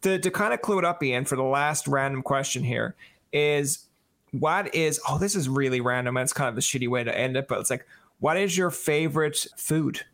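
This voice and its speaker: A man's voice: medium pitch, moderate pace. A man hosting a podcast who chats casually and animatedly, acting out the voices of people in his stories. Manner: animated storyteller, acts out quoted voices. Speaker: podcast host.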